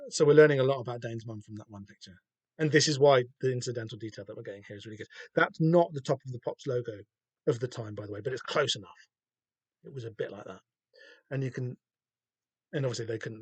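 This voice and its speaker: Rambling Southern English podcast host. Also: male voice, medium pitch, quick pace, husky, no room sound. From Southern England. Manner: rambling, sweary, self-deprecating. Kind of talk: casual comic-book commentary.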